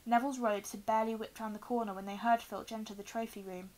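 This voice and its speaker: A woman reading a children's novel aloud, telling it expressively and giving the quoted lines lively voices. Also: fairly high pitch, fast, low-quality recording. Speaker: reader.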